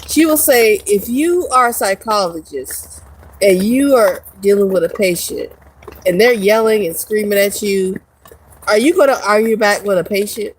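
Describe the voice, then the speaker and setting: A woman's voice: mid-range voice, expressive, normal speed, husky, low-quality recording. A woman vlogger ranting casually to her viewers, profane and rambling, laughing often. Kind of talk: casual rant to camera.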